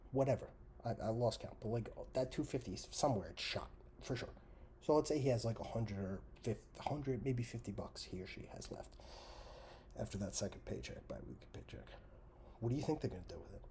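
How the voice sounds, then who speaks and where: A man hosting a comedy commentary show, ranting sarcastically and swearing constantly, swinging between loud outbursts and mutters. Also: on the low side, a little hiss or hum. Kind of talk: profane comedic rant.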